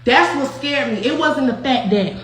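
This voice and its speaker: A young woman hosting a show, telling a story in casual, profane, animated talk with frequent laughter. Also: sits high, moderate pace. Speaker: host. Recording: very echoey room with faint noise.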